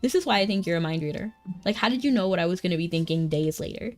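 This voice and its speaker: A woman's voice: lowish voice, expressive, quick pace, darkish tone. A young woman chatting casually with viewers while streaming a game, bubbly and talkative. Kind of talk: casual live-stream chat. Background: faint game music.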